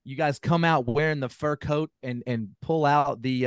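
A man's voice: a little high, normal speed, smooth, no echo, studio quality. A man hosting an interview, asking long, enthusiastic questions in a folksy, casual way. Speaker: podcast host.

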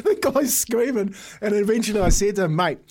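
A man in his thirties co-hosting a sports breakfast show, an animated storyteller who says mate a lot. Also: sits high, a little fast, noisy background. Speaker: sports radio co-host, former player. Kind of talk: casual sports chat, storytelling.

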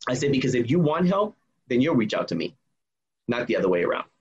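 A man with a husky, slightly breathy voice tells a personal story in a casual, animated way. He slips into each person's lines as he quotes them. The recording sounds a little dull and lo-fi. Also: mid-range voice, quick pace. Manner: animated, acts out quoted dialogue. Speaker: guest telling a personal story.

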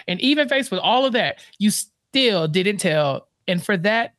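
Animated podcast co-host, dry close mic. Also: male voice, sits high, normal speed, few pauses, no room sound. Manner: animated, acts out characters with exaggerated quotes. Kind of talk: casual TV recap chat.

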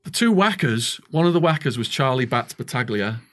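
Picture a middle-aged English man as a podcast guest, spinning a long tale with real momentum. He jumps into the quoted lines of the people in his story. His voice sits at an ordinary pitch for a man. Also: fairly quick. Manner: animated storyteller acting out quoted dialogue. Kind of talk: storytelling interview.

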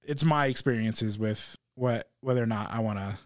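A young man, a stand-up comedian, talking casually as a podcast guest, relaxed and often laughing. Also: on the low side, moderate pace, dry recording, studio quality. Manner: relaxed, agreeable, laughs as he tells stories. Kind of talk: casual conversation.

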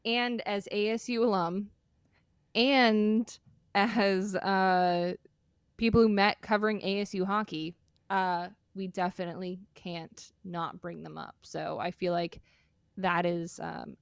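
A woman's voice: fairly low pitch, fairly even intonation, takes it slowly, creaky, clean tone, no room sound, clean studio sound. A young adult woman co-hosting a casual podcast, talking in an enthusiastic, rambling way and laughing as she goes. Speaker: podcast co-host. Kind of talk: casual chat.

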